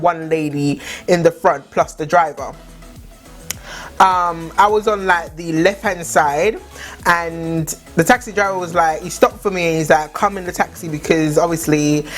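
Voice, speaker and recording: A young woman telling a story in a chatty way, many "like" fillers. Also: on the low side. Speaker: vlogger. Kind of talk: casual storytime chat.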